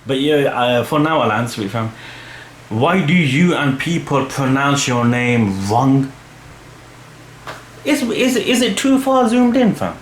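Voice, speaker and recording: A man's voice: mid-range voice, animated, slow pace. Young dude rambling at his webcam, lots of slang, echoey room with a faint hum. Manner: slangy, rambling, full of "fam" and "you know what I mean". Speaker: channel host answering fan questions. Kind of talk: casual chat.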